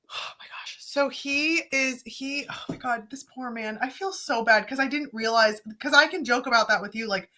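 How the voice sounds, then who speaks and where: A woman co-hosting a casual podcast chat, telling funny stories with lively, joking energy and acting out both sides of conversations. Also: on the high side. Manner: animated, joking, acts out dialogue with rising exclamations. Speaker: co-host, therapist.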